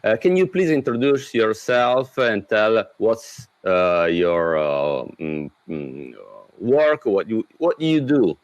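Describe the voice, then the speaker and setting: A man hosts a relaxed talk with a friend. His pitch swings up and down in a lively way, and he keeps stumbling into fillers and restarts as he looks for the English words. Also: slow. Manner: hesitant, many fillers and restarts. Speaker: host. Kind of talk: casual video-call chat.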